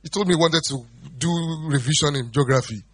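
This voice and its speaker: A man's voice: brisk, husky, no echo. A middle-aged man preaching a sermon as pastor, dramatically acting out pleading quotes. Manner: dramatic, acts out quoted pleas with big pitch jumps.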